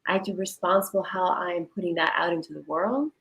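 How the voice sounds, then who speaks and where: A woman energy healer giving a coaching talk on a livestream video call, animated and guiding listeners through exercises. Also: on the low side, fast talker, creaky, reverberant, low-quality recording.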